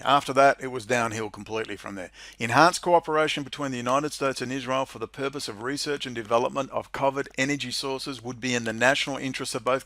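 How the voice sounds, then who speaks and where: A man's voice: medium pitch, no room sound. A middle-aged man with an Australian accent gives a sarcastic, mocking monologue, reading out legislation and commenting on it. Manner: sarcastic, mocking, swings into loud incredulous laughter. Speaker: political commentator.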